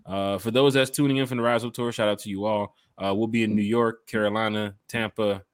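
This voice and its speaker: A man's voice: lowish voice, steady tone, a little fast, no echo, clean studio sound. A man hosting a casual fan podcast, hyped and slangy, talking straight to his listeners. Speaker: podcast host. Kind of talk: casual chat.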